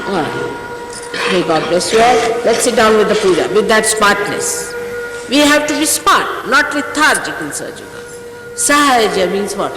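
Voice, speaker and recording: Speaking at medium pitch with expressive delivery and moderate pace, an elderly female spiritual teacher lectures her followers sternly ahead of a ceremony and keeps going back over the same points. It's a casual pre-ceremony exhortation, captured on old tape in an echoing hall with slight hiss.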